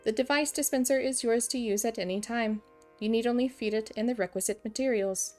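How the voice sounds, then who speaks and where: A woman's voice: on the high side, a little fast, darkish tone, faint music behind, lightly acted. A woman reading the lines of a dutiful robot construct worker aloud in a formal, polite, matter-of-fact way. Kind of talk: reading game dialogue aloud.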